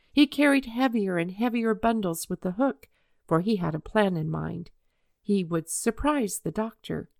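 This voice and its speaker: A woman reading a children's story aloud in a measured, expressive way. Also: medium pitch, creaky, no echo, studio quality.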